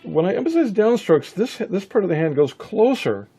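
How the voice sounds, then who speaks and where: Male guitar teacher, relaxed and easygoing, faint guitar playing under his voice. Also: high-pitched, moderate pace, slightly rough. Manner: relaxed, thinking aloud with restarts. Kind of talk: casual instructional talk.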